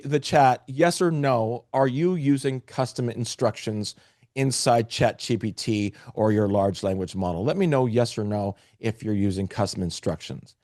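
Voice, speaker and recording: A man's voice: medium pitch, darkish tone, no room sound, clean studio sound. A man presenting a live webinar, talking to the chat with energy and restarting phrases often.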